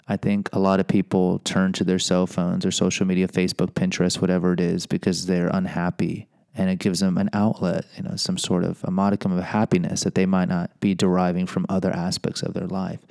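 Man, middle-aged, low voice, dry close sound, earnest casual vlog talk. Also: creaky, a little mellow, no room sound. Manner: earnest, thinking aloud. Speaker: vlogger. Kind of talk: casual reflective monologue.

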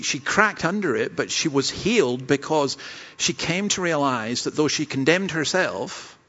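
A man's voice: on the high side, muffled recording. Earnest Scottish man preaching a sermon. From Scotland. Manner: earnest, self-deprecating, with stumbling restarts. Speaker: pastor.

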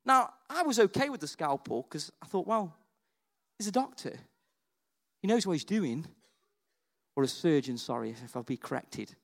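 A man preaching a sermon, telling a story in a chatty, animated way, dropping to hushed asides and rising to excited near-shouts, with frequent "right?" and "okay?". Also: a little high, moderate pace, vocal fry, long pauses.

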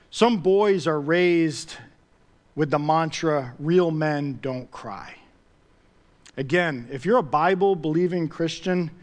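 A pastor whose male voice is high-pitched preaches a sermon, addressing the congregation casually and conversationally. He builds into emphatic swells and repeats key phrases to give them weight.

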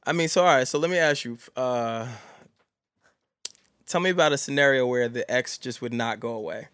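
A man co-hosting a podcast in casual chat, blunt and animated, swearing and laughing as he talks. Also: mid-range voice, brisk, clean tone, no echo, studio quality. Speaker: podcast co-host.

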